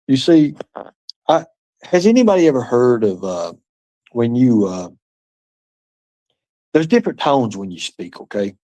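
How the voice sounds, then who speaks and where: Male livestream host, mid-pitched voice, rambling and mocking, profane, muttered asides to chat. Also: sing-song, unhurried, pauses often, dark tone. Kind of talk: rambling live-stream chat reading comments.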